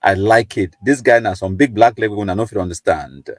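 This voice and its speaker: A man's voice: on the low side, fairly quick, no room sound. A Cameroonian man hosting a live stream, reading viewer comments aloud in a chatty mix of Pidgin and English.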